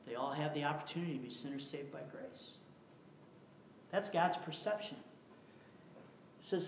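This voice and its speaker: A man preaching a sermon in a church, reading scripture slowly and telling a story between verses, sometimes dropping almost to a whisper. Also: fairly high pitch, animated, darkish tone, a little hiss or hum. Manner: reads scripture slowly, tells jokes, drops to near whisper. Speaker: pastor. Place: church sanctuary.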